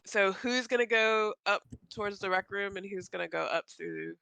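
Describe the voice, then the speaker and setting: A man player at a tabletop game, sorting out which characters go where. His voice is high and heavily gravelly, yet bright and crisp. It sounds dry and close. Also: animated, normal speed. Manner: organizing the group. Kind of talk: casual tabletop game chat.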